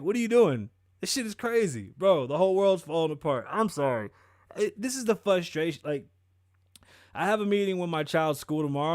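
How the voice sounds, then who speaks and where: A man, ranting in a swearing, rambling way and tripping over his words. His voice sits high for a man. The recording is dry and close, with no room sound. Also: darkish tone, no room sound. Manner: profane, rambling, heated rant with self-corrections. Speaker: show host. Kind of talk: ranting commentary show.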